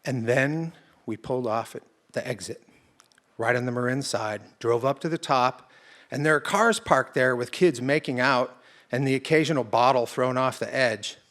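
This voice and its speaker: A man's voice: medium pitch, moderate pace, a bit bright. A man telling a true personal story on stage in a conversational, vivid present-tense way. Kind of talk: live first-person storytelling.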